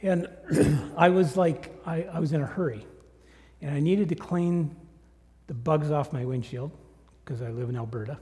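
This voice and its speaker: A man preaching a sermon, telling a personal story in a conversational, animated way. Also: fairly high pitch, moderate pace. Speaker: guest preacher. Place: church sanctuary. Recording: long hall reverb.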